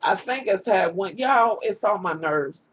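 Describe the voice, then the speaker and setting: In a dull lo-fi home recording with slight background noise, a woman with a medium-pitched voice gives a casual, profanity-laden reality show recap at an unhurried pace. She's animated and exasperated, swears constantly, and calls her viewers "y'all."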